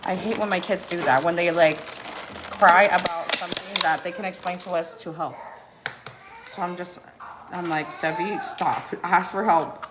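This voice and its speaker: Candid, rambling mom in a noisy kitchen. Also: female voice, lowish voice, moderate pace. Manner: candid, rambling and swearing, with firm commands to the kids. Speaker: mother of several children. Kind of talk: casual chat vlog. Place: home kitchen. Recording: noisy home recording.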